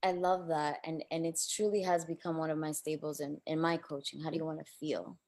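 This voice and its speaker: Woman coach hosting a video call chat, upbeat and affirming, lowish voice. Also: level tone, fairly quick, a little mellow. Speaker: coach and interview host.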